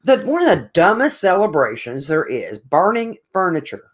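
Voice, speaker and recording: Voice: mid-range voice, wildly swooping pitch, moderate pace. A podcast co-host, ranting with strong opinions in casual sports chat.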